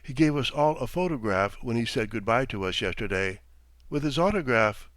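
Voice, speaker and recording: A man's voice: medium pitch, animated, normal speed, a bit bright, no echo, lightly acted. Man doing a brusque husband, curt, mocking, dry sound. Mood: teasing. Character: brusque, teasing middle-aged official husband.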